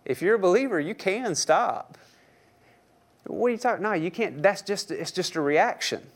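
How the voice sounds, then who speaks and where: A man's voice: high-pitched, lively intonation, quick pace. Joking, conversational male preacher. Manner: conversational, joking, asks the audience questions. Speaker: pastor. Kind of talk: sermon.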